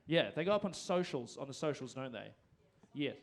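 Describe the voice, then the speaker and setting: A man's voice: mid-range voice, lively intonation, fairly quick. A man, hosting a live music event on a handheld mic, rambling and self-deprecating. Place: performing arts venue stage. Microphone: handheld microphone.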